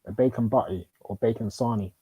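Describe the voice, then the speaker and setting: A man chatting casually alongside a streamer, hesitant and quick to laugh. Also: on the low side, mellow, husky, no echo, low-quality recording. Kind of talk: casual chat.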